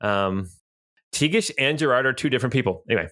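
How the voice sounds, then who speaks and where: A man's voice: medium pitch, expressive, fast talker, sharp tone. A man narrating as game master of a tabletop game, rambling with many ums and uhs as he describes scenes.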